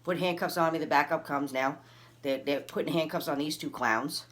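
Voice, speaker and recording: A woman tells a personal story in a casual, chatty way. She acts out each person in it, and her voice jumps up sharply when she quotes them. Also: normal speed. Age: adult, recalls early twenties and has a son. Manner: animated, acts out dialogue with big pitch jumps. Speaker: vlogger telling a personal story.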